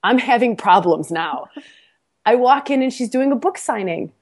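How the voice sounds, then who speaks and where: Her voice sits a little high, with a breathy edge and an unhurried pace. As a guest on a casual podcast she recounts a personal tale in a lively way, making fun of herself, laughing often, and doubling back on words as she begins sentences again.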